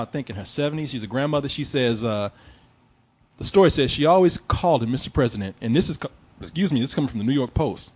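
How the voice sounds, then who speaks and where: A man's voice: a little high, slightly rough, dull audio. A man hosting a comedy podcast, reading a news story aloud with crude, laughing asides. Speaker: podcast host.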